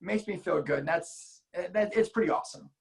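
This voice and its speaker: Man, from Illinois, gravelly voice, slightly high pitch, animated storytelling, casual chat. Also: moderate pace, a crowd in the background, low-quality recording. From Illinois, United States. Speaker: guest car enthusiast.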